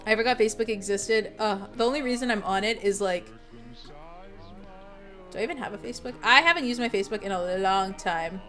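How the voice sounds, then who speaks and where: A woman's voice: mid-range voice, fairly quick, a bit bright, faint music behind. A young woman streamer chatting casually with her viewers, rambling with lots of fillers and giggles. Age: young adult.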